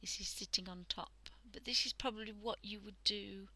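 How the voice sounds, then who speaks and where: A woman's voice: medium pitch, fairly even intonation, normal speed, rough recording. A woman from the UK hosting a live art stream, talking casually and often half-whispering as she demonstrates drawing. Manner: soft, often half-whispered while working, chatty with fillers. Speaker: art livestream host.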